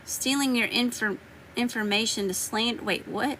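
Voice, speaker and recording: Bright-voiced Southern US woman reading tarot. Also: fairly high pitch, normal speed, slight background noise, rough recording. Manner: chatty, greets viewers by name. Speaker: tarot reader.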